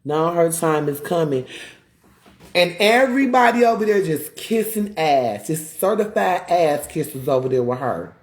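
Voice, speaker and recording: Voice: medium pitch, animated, normal speed. Heated, emphatic live-stream ranter. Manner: emphatic, repetitive, rhetorical questions; greets viewers mid-rant. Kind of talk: ranting live-stream commentary.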